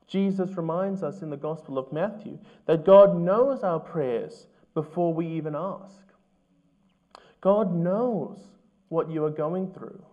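Male pastor, sermon delivery, earnest and measured, fairly high voice, muffled sound. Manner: earnest, measured preaching with rhetorical questions.

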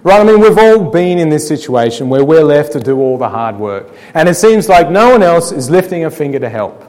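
Male preacher, a touch high-pitched, dramatic sermon delivery with hushed emphatic drops; long hall reverb. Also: big pitch swings. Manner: dramatic storytelling, rhetorical questions, slows and drops quiet for emphasis.

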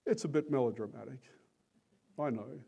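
A man preaching a sermon in an earnest, deliberate and emphatic manner. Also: mid-range voice, creaky, breathy edge, dull audio.

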